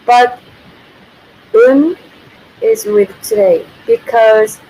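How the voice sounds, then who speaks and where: A woman's voice: fairly high pitch, takes it slowly, warm tone, slight background noise, poor audio. A woman, a native Korean speaker, giving a casual livestream language lesson who thinks aloud, corrects herself and laughs often.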